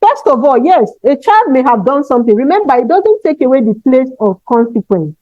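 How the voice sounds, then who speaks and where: A high-pitched woman speaks to a room of teachers, pressing each point with emphasis and checking in with a quick "okay?". The sound is dry and dull, like a lo-fi recording. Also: sing-song, mellow, no echo. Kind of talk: motivational talk.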